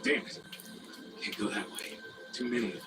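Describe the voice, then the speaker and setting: An actor playing a worn-out male survivor in a video game, calling out in short gasped lines, shouting and panting. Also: very high voice, wildly swooping pitch, normal speed, music in the background, heavily acted. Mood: desperate. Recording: distant game audio under loud noise.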